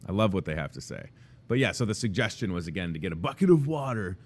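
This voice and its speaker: A man in his thirties with a low voice hosts a casual show from inside a grocery store café. He rambles and jokes in a loose, self-deprecating way. His talk is easy and chatty. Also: very animated, fast talker. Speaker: host. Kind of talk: casual chat.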